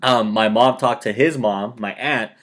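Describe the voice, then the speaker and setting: A man's voice: fairly low pitch, unhurried, a bit bright. A man talking casually to the camera, giving motivational advice and telling personal stories, often checking in with his viewers. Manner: conversational, keeps checking in with "okay?"; chatty storyteller who quotes himself and others. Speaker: motivational video host.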